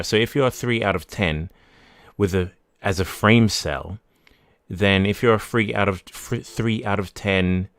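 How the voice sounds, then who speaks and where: A man's voice: low voice, gravelly, a bit bright, no echo, studio quality. A man hosting a live podcast stream, chatting casually and reading viewer messages aloud, often restarting and correcting himself. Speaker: livestream podcast host.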